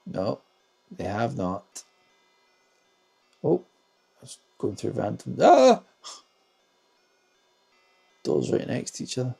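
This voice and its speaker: A man's voice: mid-range voice, big pitch swings, takes it slowly, gravelly, long pauses, warm tone, husky, soft background music. A man commentating his own game live stream, self-mocking and muttering to himself.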